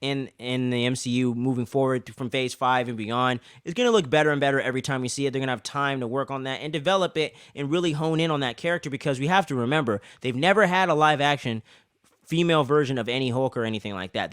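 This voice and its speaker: A man co-hosting a casual review show, rambling and swearing as an excited fan. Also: mid-range voice, quick pace, clear, resonant tone, no room sound, clean studio sound. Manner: rambling, profane, excitable fan talk with many fillers. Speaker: podcast co-host reviewing an episode.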